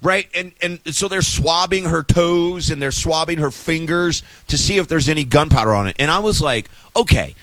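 A man's voice: on the high side, moderate pace, few pauses, fairly bright tone, no room sound, low-quality recording. A man telling a story in a casual, exasperated rant, with sarcastic asides, as a host at the mic.

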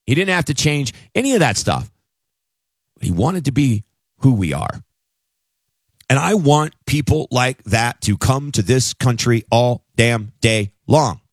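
Emphatic male talk radio host, lively pitch. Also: no echo. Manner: emphatic, conversational, argumentative.

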